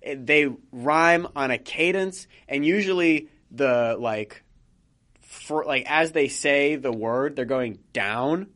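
A man's voice: on the high side, takes it slowly, a bit bright. A young man co-hosting a casual podcast chat, rambling with lots of fillers and restarts. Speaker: podcast co-host.

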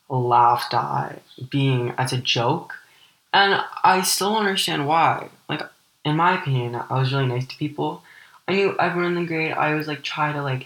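Teen girl from ukraine podcasting, deep-ish voice, says like a lot, pretty echoey room. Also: fairly bright tone. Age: teens. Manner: candid, rambling, heavy use of "like" fillers. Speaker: podcast host. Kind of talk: personal storytelling podcast.

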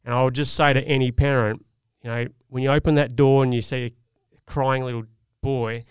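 A man's voice: mid-range voice, level tone, brisk, clean tone, dry recording. A man, telling a personal parenting story in an earnest, reflective way on a casual podcast. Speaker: podcast co-host. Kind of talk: casual chat.

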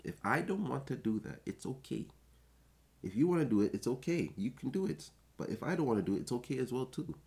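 A man's voice: medium pitch, expressive, fairly quick, a little mellow, breathy edge. A man giving blunt, profane advice in a casual rant to his viewers.

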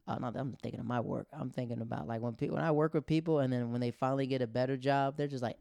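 Gravelly-voiced chatty comedian. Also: male voice, mid-range voice, fairly even intonation, fast, hardly any pauses, darkish tone, dry recording, clean studio sound. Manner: chatty, full of "like" fillers. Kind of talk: casual comedic storytelling.

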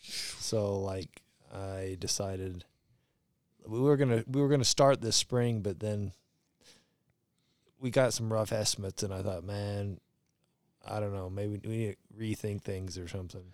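A man who is a guest in a casual chat, speaking in a halting way with many restarts. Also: lowish voice, steady tone, a little mellow, no echo, clean studio sound. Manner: halting, hesitant, restarts often.

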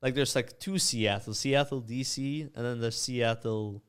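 A young man from Malta, a podcast guest telling rambling, animated anecdotes full of fillers. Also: medium pitch, unhurried, clean tone. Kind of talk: casual storytelling.

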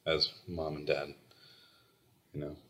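Very deep-voiced, rambling young man. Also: monotone, slow, a bit bright, slight background noise. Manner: rambling and hesitant, loose thoughts full of likes. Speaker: podcast co-host. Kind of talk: casual chat.

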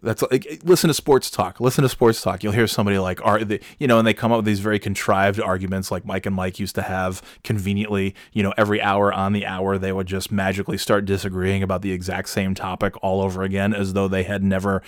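A man with a fairly low voice rants on a casual talk show, sarcastic and full of swearing. He rambles and restarts his sentences, and the recording sounds dry and close. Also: monotone, fast, hardly any pauses, dry recording.

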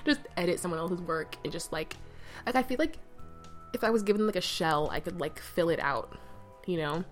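With a lowish voice and lively intonation at a normal speed, a young woman talks through her solo podcast, meandering and scattered, often using fillers and correcting herself. Soft music plays behind her as she records on her bed at home, the microphone resting on her knee.

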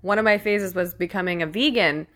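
A woman's voice: fairly low pitch, brisk, fairly bright tone. Earnest, emphatic young woman. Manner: earnest and emphatic, swears freely, laughs often. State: close to tears with emotion. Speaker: host. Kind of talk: casual opinion monologue.

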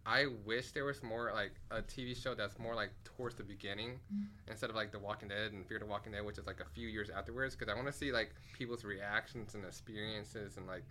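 An upbeat man hosts a casual podcast chat, often laughing and tripping over his words. His voice is bright and forceful. A faint hiss sits under the recording. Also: lowish voice, fairly even intonation, brisk. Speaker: podcast host.

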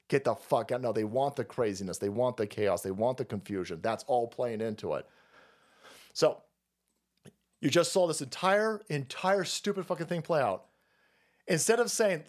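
Man, high voice, very lively pitch, profane mocking rant, streamer. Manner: loud, mocking, foul-mouthed, restarts a lot. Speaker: streamer host.

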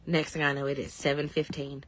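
A woman in her thirties with a Southern US accent, telling a lively story in casual podcast chat and laughing often. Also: deep voice, brisk. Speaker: podcast co-host.

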